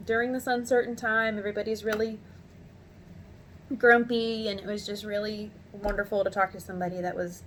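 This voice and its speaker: A woman in her thirties telling a story to camera in a chatty, animated way from her home office, laughing often. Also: mid-range voice, a little fast, a little hiss or hum. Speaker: vlogger.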